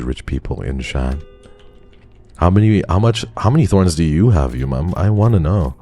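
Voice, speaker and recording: A man's voice: sits low, expressive, normal speed, dark tone, slight background noise. A male streamer giving live commentary on a game, talking to his chat and swearing in frustration.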